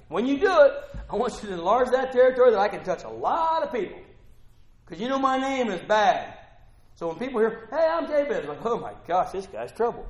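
A middle-aged male pastor preaching a sermon, swinging from quiet asides to shouted exclamations. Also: high-pitched, very animated, brisk.

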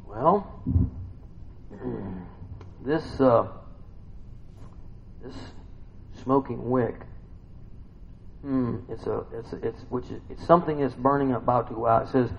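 A man giving an informal sermon to a small group. He keeps asking the listeners questions and swings between soft murmurs and loud bursts. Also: mid-range voice, takes it slowly, vocal fry, pauses often. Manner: conversational, asks the listeners many questions. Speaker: preacher. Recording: slightly dull recording with faint noise.

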